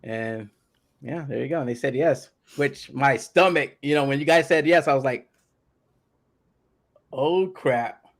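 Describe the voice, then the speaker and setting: A man hosting a casual podcast, talking hesitantly with many pauses and fillers. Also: mid-range voice. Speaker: podcast host.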